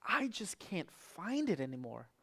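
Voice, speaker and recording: Man voicing sad little boy, raised pitch, pleading. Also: huge pitch swings, unhurried, creaky, a bit bright, slightly rough, exaggerated voice. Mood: plaintive. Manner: pleading, plaintive. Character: upset young boy who lost his money.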